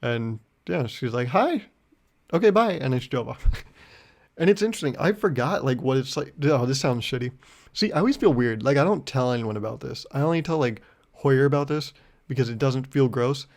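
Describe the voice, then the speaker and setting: A man's voice: medium pitch, animated, a little fast, darkish tone. A young man hosting his own podcast, telling a story in a rambling, self-mocking way. He laughs often and slips into mock-indignant rants. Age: young adult. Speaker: podcast host. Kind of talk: casual solo podcast monologue.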